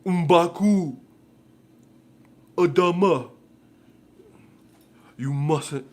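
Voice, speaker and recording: A man's voice: a little high, drawn-out words, a little mellow, voice pushed up. A man voicing a stiff, grandiose male warrior from a superhero film, speaking formally and solemnly with over-enunciated words. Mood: commanding.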